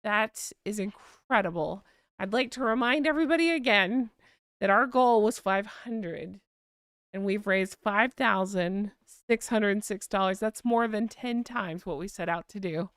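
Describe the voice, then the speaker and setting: A woman with a Southern accent hosts a live chat stream, talking in a smooth, clear voice. She is chatty and emotional and often corrects herself. The sound is dry and close to the mic. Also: medium pitch, unhurried, a bit bright, no echo. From Florida. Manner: gushing, emotional thanks. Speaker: livestream host.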